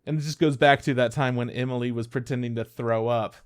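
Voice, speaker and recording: Animated young man telling work stories. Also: mid-range voice, a little fast. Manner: animated storyteller, acts out quotes, swears freely. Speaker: podcast co-host. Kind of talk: casual chat.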